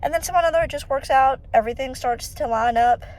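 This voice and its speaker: A woman's voice: sits high, racing, low-quality recording. A young woman vlogging from her car, venting in a rambling, frustrated way and quoting her own thoughts aloud. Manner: frustrated, rambling, talks to herself with quoted asides. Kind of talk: casual vlog venting. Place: in a car, driving. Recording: loud road and car noise. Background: car and traffic noise.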